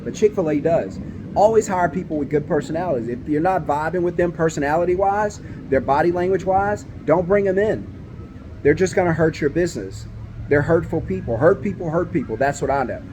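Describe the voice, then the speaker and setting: A man's voice: on the high side, background noise. A man giving direct-to-camera business advice as a company owner, emphatic and coaching, repeating his points and checking in with "right?". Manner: emphatic, repeats key phrases and asks "right?" often.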